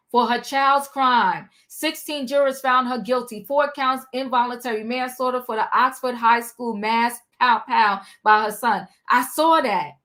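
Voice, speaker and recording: A woman hosting a livestream, recapping a reality show in sassy, animated casual chat. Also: fairly high pitch. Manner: animated, sassy, talks back to the people she recaps.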